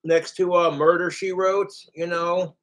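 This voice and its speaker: A man rambling straight into his camera in a casual vlog. His voice sits a little high, and he curses and groans as he drifts from thought to thought. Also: level tone, a little slow, fairly bright tone. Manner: rambling, cursing, groaning and sighing. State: in pain from a hurt toe. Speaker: vlogger.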